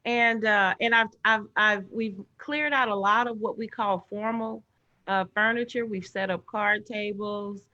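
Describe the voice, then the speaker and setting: A woman's voice: mid-range voice, a little slow. A middle-aged woman telling personal stories in a casual video chat, acting out the voices of the people she quotes. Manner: animated storyteller, acts out quoted voices. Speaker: guest. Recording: dull lo-fi online stream audio.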